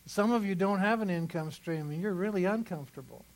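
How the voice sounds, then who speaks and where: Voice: medium pitch, fairly quick, rough recording. Conversational pastor preaching a sermon. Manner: conversational, repeats phrases for emphasis.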